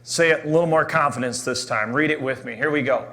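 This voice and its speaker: A man's voice: mid-range voice, fast, bright, forceful tone. A middle-aged man preaching a sermon in a loose, conversational way, often restarting and asking "right?". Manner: conversational, many fillers and restarts, asks "right?". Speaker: pastor.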